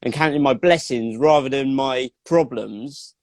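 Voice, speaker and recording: A man's voice: mid-range voice, a little slow, no room sound, clean studio sound. A man hosting a casual chat, speaking candidly and personally, with frequent "like" fillers. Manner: candid, personal, uses "like" often. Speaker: host.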